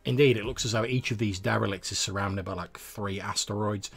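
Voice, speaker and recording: Game master, male, low and husky, steady descriptive narration. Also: a little fast.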